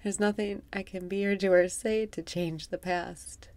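A woman guiding a meditation, speaking softly and often slipping into a whisper, with wry, self-mocking laughter. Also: mid-range voice, steady tone, measured pace, no echo. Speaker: meditation guide. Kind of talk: guided meditation.

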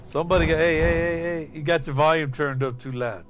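A man's voice: on the high side, fairly quick, over music, low-quality recording. A middle-aged man chatting casually over his gameplay, laughing often and talking to his chat and teammates. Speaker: gaming streamer.

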